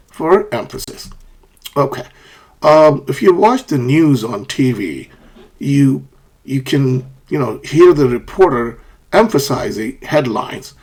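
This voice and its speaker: A man with a slightly husky voice gives an online lesson on English intonation. He says example sentences aloud to show rising and falling pitch. He keeps checking in with his students, asking "okay?" and "all right?". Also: lively intonation, unhurried, a little mellow. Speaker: English teacher.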